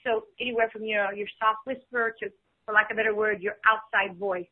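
A woman's voice: medium pitch, steady tone, fairly quick. A woman in her fifties, a podcast guest speaking in casual chat, full of "you know" fillers. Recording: tinny phone line.

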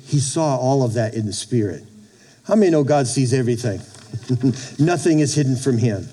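A male preacher with a mellow, warm voice pitched a little high tells a story from the pulpit. He speaks haltingly, repeats words and plays out the characters' lines himself. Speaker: pastor. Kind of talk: sermon.

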